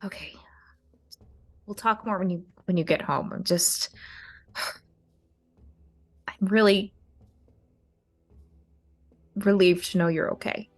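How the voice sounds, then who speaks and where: A woman voicing an anxious middle-aged mother with a high-pitched voice in a tabletop game. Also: steady tone, slow, pauses often. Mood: relieved. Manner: anxious, questioning.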